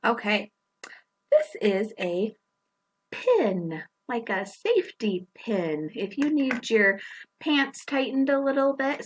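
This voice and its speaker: A woman teaching young children phonics, gently sounding out letters and words and encouraging them as she works through a worksheet. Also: medium pitch, husky. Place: indoors at a table, camera on her worksheet.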